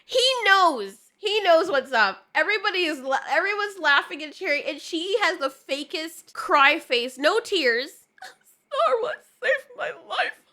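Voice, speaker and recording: A young woman giving reaction commentary in an animated way, often laughing and mimicking people in silly voices. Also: high-pitched, measured pace. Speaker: YouTube commentator.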